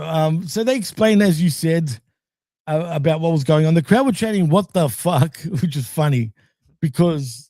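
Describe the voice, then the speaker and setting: Male podcast co-host with a high voice and a dry close sound, loose, rambling wrestling chat. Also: a little mellow, no room sound. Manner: laughs often, loose and rambling. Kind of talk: casual wrestling recap chat.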